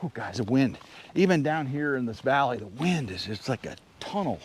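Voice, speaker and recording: A man's voice: medium pitch, normal speed, slight background noise. A man rambling chattily on an outdoor vlog while hiking through snowy woods, a little out of breath. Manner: excitable, chatty, wanders between thoughts. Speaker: vlogger. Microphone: handheld camera.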